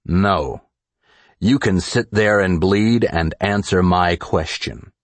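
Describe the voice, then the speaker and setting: A gruff small-town sheriff, played by a male narrator, with a very deep, gravelly growl. He speaks slowly and threateningly, like a lawman who expects to be obeyed. The audiobook recording is dry and close. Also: dry recording. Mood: interrogating.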